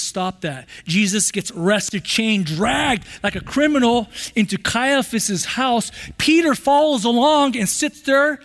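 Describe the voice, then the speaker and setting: A man's voice: high voice, a bit bright. A man pastor preaching a sermon in a church hall, impassioned and prone to repeating phrases. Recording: long hall reverb.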